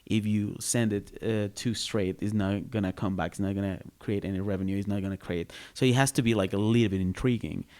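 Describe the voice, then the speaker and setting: A man's voice: fairly low pitch, steady tone, brisk, few pauses, a little mellow. A man, a comedian guest on a podcast, talking casually and searching for his words with many restarts. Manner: laughs easily between points.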